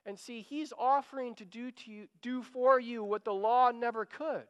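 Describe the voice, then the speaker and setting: A man's voice: very high-pitched, fairly even intonation, moderate pace, hardly any pauses, a bit bright, smooth, long reverb tail. A man preaching a sermon, earnest and urging, often repeating a phrase as he pleads. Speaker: pastor.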